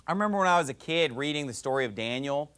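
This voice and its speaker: A middle-aged man delivers a sermon in a fairly high voice. He preaches with fervour and climbs in pitch and force when he presses a point home. Between those peaks he reads scripture aloud to his listeners. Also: lively intonation, fast. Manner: forceful, rising emphasis, reading scripture aloud.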